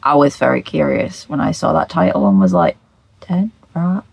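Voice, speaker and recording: A woman reading confession posts aloud and reacting bluntly, with frequent swearing and soft, half-whispered asides. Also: sits low, fairly quick, creaky, husky, no echo, poor audio. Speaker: reddit story reader.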